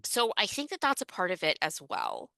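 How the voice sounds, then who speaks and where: A woman guest on a podcast, an educational interpreter, explaining her work in an animated, emphatic way with frequent laughs. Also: lowish voice, normal speed, gravelly, dry recording. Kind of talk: casual podcast conversation.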